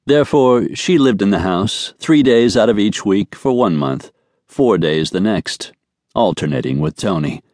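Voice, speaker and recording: A man narrating a romance audiobook in an even, measured way. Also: lowish voice, dry recording. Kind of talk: scripted narration. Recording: dry studio recording.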